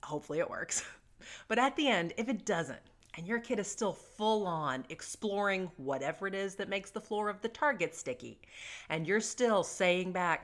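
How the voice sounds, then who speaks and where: A woman's voice: medium pitch, expressive, moderate pace, a bit bright. A middle-aged woman giving casual parenting advice to camera, joking and self-deprecating as she tells stories. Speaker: parenting vlogger.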